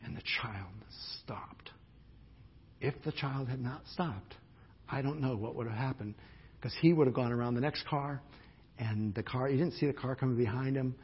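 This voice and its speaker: A man's voice: medium pitch, normal speed, breathy edge. A male pastor preaching a sermon, telling a story in a conversational way with emphatic restarts. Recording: dull lo-fi sermon recording.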